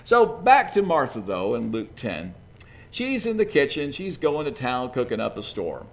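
A man's voice: mid-range voice, wildly swooping pitch, normal speed, slight background noise. A man preaching a conversational sermon in a folksy, chatty way, peppered with "you know.".

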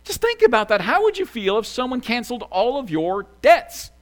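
Animated man preaching a sermon. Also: extremely high pitch, moderate pace. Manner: animated, swings from loud excitement to quiet asides. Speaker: pastor.

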